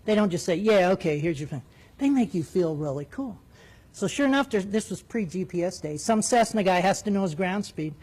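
A man, a former military jet pilot, telling a flying story in an animated way, acting out radio calls. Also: high voice, fairly quick, slightly rough. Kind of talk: spoken storytelling.

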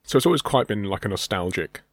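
Lively low-voiced man chatting casually. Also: quick pace, dry recording. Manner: rambling, laughs often, hesitant fillers. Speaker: podcast co-host. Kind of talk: casual chat.

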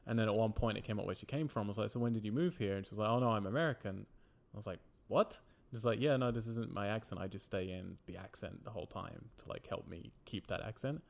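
A filmmaker in a casual chat, blunt and swearing freely. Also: male voice, on the low side, fast talker, gravelly. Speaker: filmmaker, podcast co-host.

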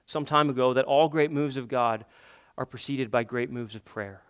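A man's voice: medium pitch, steady tone, a little fast, clean tone. A man preaching a sermon, building to emphatic, impassioned peaks and asking the congregation rhetorical questions. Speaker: pastor.

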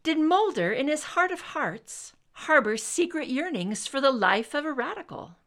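A woman narrating a story aloud in an expressive, unhurried way. Her voice sits fairly high and sounds bright. She moves her pitch up and down freely as she reads. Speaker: reader.

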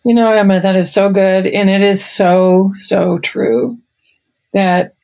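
A woman hosting a faith podcast, responding to her guest in an affirming, thoughtful and unhurried way. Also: mid-range voice, fairly even intonation, warm tone. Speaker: podcast host. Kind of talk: casual faith podcast chat.

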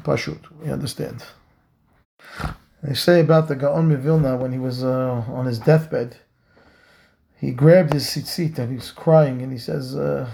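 A man's voice: mid-range voice, fairly even intonation, measured pace, vocal fry, pauses often, warm tone. A man, a rabbi, giving a Torah lesson in an earnest way, repeating key phrases for emphasis and mixing Hebrew terms into his English.

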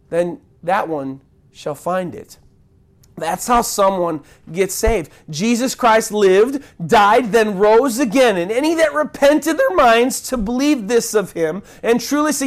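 A preacher delivering an impassioned sermon, dropping to hushed low lines and then rising into pleading, repeated calls. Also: animated, unhurried. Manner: repeats phrases for emphasis.

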